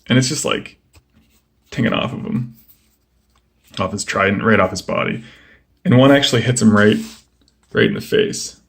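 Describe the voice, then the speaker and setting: A young man casually flipping through a comic book and chatting about each page, relaxed and rambling with lots of fillers. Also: on the low side, moderate pace, gravelly, long pauses. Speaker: comic book video host.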